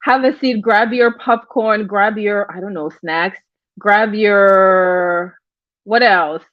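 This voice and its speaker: A woman's voice: medium pitch, takes it slowly, no echo, highs cut off. A woman hosting a casual livestream, chatting with viewers, greeting them by name and often repeating her phrases. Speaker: livestream host.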